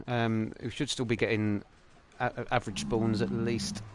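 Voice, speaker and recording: A young man hosts a game livestream in casual, rambling commentary. His voice sits a little low, and he keeps the talk light and jokey. A faint hiss runs under the recording. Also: fairly even intonation, unhurried, pauses often. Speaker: livestream host.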